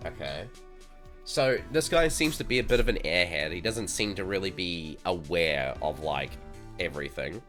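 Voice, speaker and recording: A man streaming a video game, making relaxed, offhand asides to his chat. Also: low voice, normal speed, faint music behind. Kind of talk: live game stream commentary.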